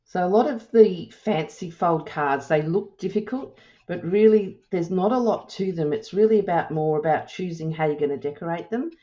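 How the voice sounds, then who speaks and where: A woman hosting a crafting tutorial, explaining each step in a relaxed, chatty way and thinking aloud with small self-corrections. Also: on the low side, normal speed, muffled recording. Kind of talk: casual step-by-step demonstration.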